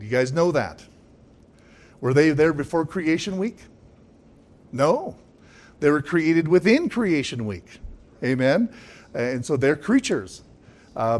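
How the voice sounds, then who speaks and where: A man's voice: on the high side, a little mellow. A man preaching a sermon, emphatic, with frequent calls of "Amen?" and chuckling asides. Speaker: pastor.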